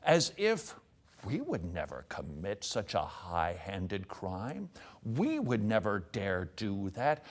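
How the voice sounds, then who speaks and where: Animated man preaching with playful voices. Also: lowish voice, slow. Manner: animated, acts out scolding quotes in funny voices. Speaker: radio and TV host. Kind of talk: lively Christian teaching monologue.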